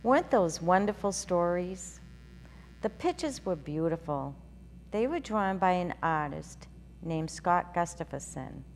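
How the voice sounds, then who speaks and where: A woman hosting a children's story show, reading a storybook aloud in a gentle, sing-song way. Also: lowish voice. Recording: reverberant room with faint hum.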